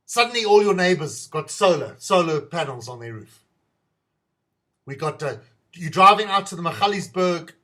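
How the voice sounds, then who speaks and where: South African man, lively comic rambling. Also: on the high side. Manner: rambling, self-mocking, many restarts. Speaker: podcast host. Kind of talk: comic news monologue.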